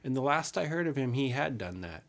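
A man's voice: medium pitch, animated, a little fast, gravelly, fairly bright tone. A man in his fifties telling a personal story from his youth in a frank, earnest way, with casual swearing.

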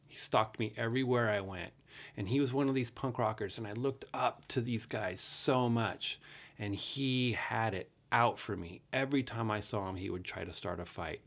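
Low, gravelly man telling his story. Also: fairly bright tone. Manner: earnest, frank, swears casually. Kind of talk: candid personal storytelling.

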